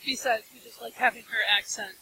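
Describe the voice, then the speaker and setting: A woman with a Minnesota Midwest accent, teasing loudly and laughing on a podcast. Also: fairly high pitch, steady tone, brisk, gravelly, slightly rough, rough recording. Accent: American Midwest, Minnesota. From Minnesota, USA. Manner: loud, teasing, laughing outbursts. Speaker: podcast co-host. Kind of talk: casual podcast chat.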